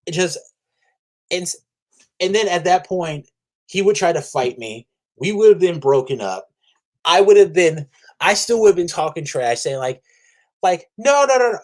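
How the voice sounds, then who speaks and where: A man's voice: a little high, measured pace, pauses often. A man hosting a casual comic book review vlog, rambling and restarting often, trash-talking with crude language and laughing at his own jokes. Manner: animated, profane trash talk with laughter; rambling with frequent restarts and fillers. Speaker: comic book video host.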